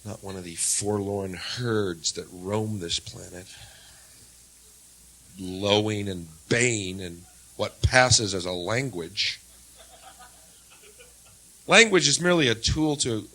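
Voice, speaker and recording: An American stand-up comedian performs a sardonic set on a handheld stage mic, swinging between low mutters and loud jabs.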